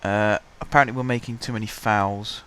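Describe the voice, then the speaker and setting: A man casually commentating his own football management game, his voice stuffy and blocked up, chatty and self-mocking, clearing his throat now and then. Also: fairly low pitch, steady tone, brisk, sharp tone. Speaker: gaming commentator. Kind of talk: casual let's-play commentary.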